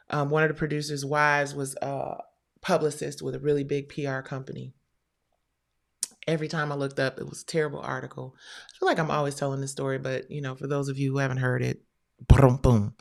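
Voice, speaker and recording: A middle-aged woman hosting her own show, telling a heated personal story to viewers, animated and profane, with quoted voices. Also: deep voice, creaky.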